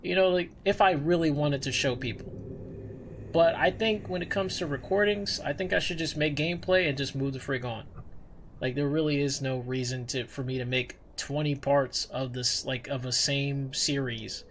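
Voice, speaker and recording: A man's voice: medium pitch, fairly even intonation, moderate pace, fairly bright tone, slight background noise. A young man chatting casually on his livestream as a VTuber, rambling and conversational. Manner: rambling, conversational, with frequent restarts and fillers. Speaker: VTuber streamer.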